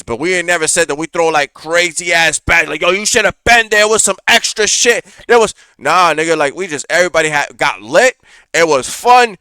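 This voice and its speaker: A man hosting a reaction show, ranting through casual, profane commentary full of fillers. His voice is bright and crisp, a little high, and it sits close to the mic in a dry room. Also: dry recording. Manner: profane, animated rant with frequent fillers.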